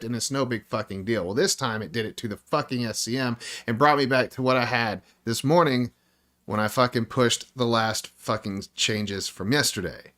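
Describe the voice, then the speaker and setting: A man's voice: mid-range voice, fairly quick, a bit bright. A man who develops indie games, chatting casually on a livestream as he works, ranting in frustration and swearing heavily. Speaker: indie game developer streaming his work. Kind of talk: casual livestream chat while working.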